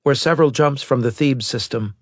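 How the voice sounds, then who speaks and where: A man voicing a female starship captain who speaks in a nervous, deferential way, lifted well above his own pitch. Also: a little fast, no echo, studio quality, natural voice. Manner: deferential, anxious.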